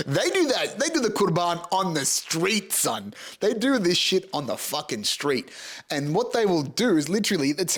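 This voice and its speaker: An Australian man in his thirties hosting a podcast, telling a comic story with lots of swearing and laughter. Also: high voice. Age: 30s. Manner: profane, animated, laughs through his story. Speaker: podcast host.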